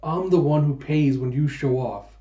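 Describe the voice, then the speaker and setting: A gruff old pirate captain woman who smokes a pipe, as a male reader puts her on, chiding and dry, in a mellow voice. The room is echoey and the sound a bit dull. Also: a little high, moderate pace, close to an everyday voice.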